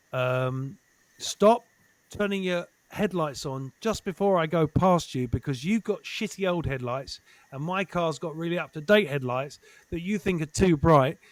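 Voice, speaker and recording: A man guesting on a podcast, chatting casually as an animated storyteller who swears and acts out quoted voices. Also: a little high, dry recording. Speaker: guest comedian.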